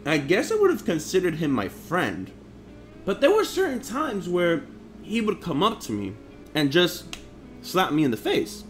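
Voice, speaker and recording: A man's voice: high voice, wildly swooping pitch, a little slow, faint music behind. A young man who grew up in Harlem, telling personal stories in a blunt, profane, slangy vlog manner. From Harlem, New York. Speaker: vlogger. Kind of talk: casual storytelling vlog.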